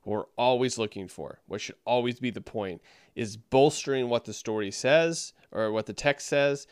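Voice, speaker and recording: Male sermon reviewer, smooth voice, dry close-miked sound, conversational. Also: medium pitch, no echo. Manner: conversational, reflective, interrupts with comments. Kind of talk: commentary.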